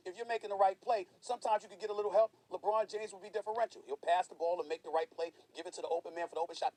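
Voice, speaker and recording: Brief: male TV sports pundit, high and rapid, emphatic debater. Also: poor audio. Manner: emphatic, forceful argument. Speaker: sports TV commentator.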